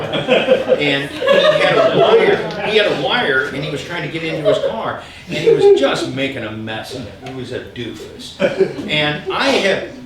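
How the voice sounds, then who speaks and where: A middle-aged man telling humorous personal stories to a live audience, animated and self-mocking, with frequent ums. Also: mid-range voice. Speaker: speaker sharing stories at a gathering. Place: large room with an audience. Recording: echoey hall, from far off, with background noise.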